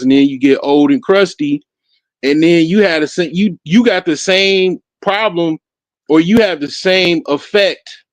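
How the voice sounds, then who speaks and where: A podcast host from Africa talks alone in a casual, rambling, profane way, laughing often and restarting his sentences. His pitch is fairly high, and the recording is dry.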